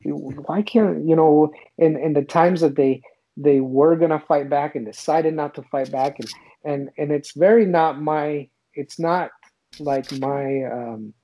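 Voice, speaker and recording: A man's voice: mid-range voice, mellow, slightly rough, no room sound, low-quality recording. A man speaking earnestly and a little hesitantly in a casual scripture discussion. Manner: earnest, searching, hesitant fillers. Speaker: scripture study discussion participant.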